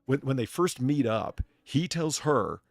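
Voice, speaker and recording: A man's voice: mid-range voice, lively intonation, unhurried, no room sound. A man from the United States hosting a live stream, chatting casually in a rambling, profane way that is full of restarts. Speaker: streamer and bartender host.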